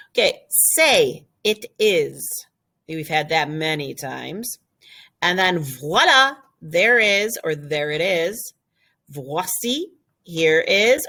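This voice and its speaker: Lady french teacher, bouncy lively pitch, bright voice, pops up high on the example phrases. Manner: animated, jumps high to model French phrases. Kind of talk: recorded classroom lesson.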